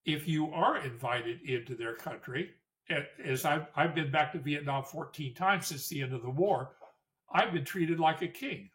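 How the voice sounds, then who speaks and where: An older man recounts his war years to an audience, his voice sitting a touch high for a man. He circles back and repeats words for emphasis as he tells each story. The mic is set some way off from him. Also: moderate pace, fairly bright tone, recorded from a distance. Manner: storytelling, with restarts and emphatic repetition. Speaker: Vietnam War veteran speaker.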